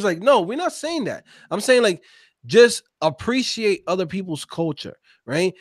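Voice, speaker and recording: Animated high-voiced slangy man. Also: normal speed, dry recording, studio quality. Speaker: podcast co-host. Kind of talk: casual conversation.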